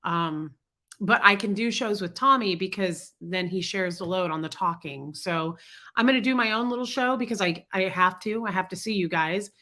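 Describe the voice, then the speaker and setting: Congested and sick, a woman hosts a casual livestream, reading comments and greeting viewers by name. Her voice is mid-range and bright with a forceful tone, at normal speed.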